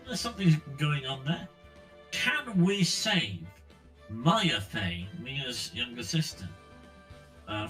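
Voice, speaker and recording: Bright-voiced man with robotic audio. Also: on the high side, low-quality recording. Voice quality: robotic, glitchy-sounding audio. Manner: rambling with many fillers. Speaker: let's-play streamer. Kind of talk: casual chat recapping a game. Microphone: online voice call.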